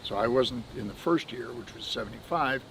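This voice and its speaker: A man's voice: medium pitch, a little fast, fairly bright tone, slight background noise, poor audio. A man in his seventies, a podcast guest, telling folksy business anecdotes and chuckling between stories. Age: 70s. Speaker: podcast guest, benefits administrator. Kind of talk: anecdotal storytelling.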